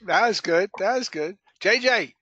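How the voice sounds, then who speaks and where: A man's voice: high-pitched, lively intonation, unhurried, bright, forceful tone, breathy edge, no echo, highs cut off. A man hosting a live sales training call, joking with the group and calling on people by name.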